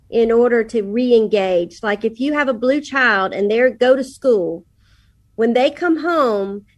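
A middle-aged woman speaking as a podcast guest, giving casual parenting advice and telling stories in which she quotes her children. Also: a little high. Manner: storytelling, quotes her kids.

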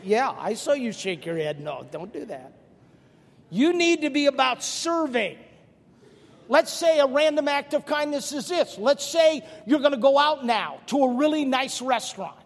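A man's voice: high-pitched, big-room sound. An older man preaching a sermon, telling stories with self-deprecating humor and speaking straight to his congregation. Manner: directly addresses the congregation. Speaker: pastor.

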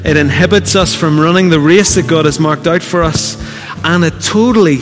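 In a church hall with a long reverb tail, a Northern Irish man with a fairly high voice preaches as pastor. He's earnest and exhorting, putting direct questions to his congregation.

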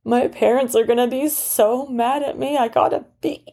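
A woman voicing a worried young schoolboy in a children's story, using a higher, childlike voice. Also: animated, moderate pace, gravelly, a little mellow.

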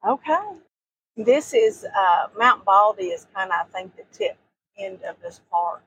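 A woman's voice: medium pitch, animated, unhurried, a bit bright, lo-fi sound, a little hiss or hum. A middle-aged woman, chatting casually as a podcast co-host while outdoors at sand dunes. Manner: chatty, homespun drawl. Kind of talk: casual travel chat.

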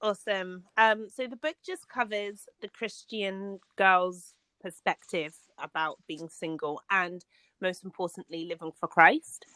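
A woman's voice: mid-range voice, fairly even intonation, unhurried, bright, forceful tone, no echo. A woman with a London accent, a guest on a podcast, talking reflectively with frequent "like" and "um". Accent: London English. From England. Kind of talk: casual podcast chat.

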